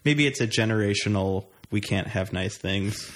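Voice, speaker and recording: A young man in casual conversation, talking in a relaxed, rambling way with frequent hesitations. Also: lowish voice, moderate pace. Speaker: conversation partner. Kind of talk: casual chat.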